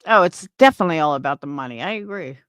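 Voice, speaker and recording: A young woman vents on her stream in an angry, scornful, profane rant. Her pitch swings widely from high outbursts to low mutters. The recording is dry and close. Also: lively intonation, rapid-fire, a bit bright, clean tone, no room sound. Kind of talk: livestream reaction rant.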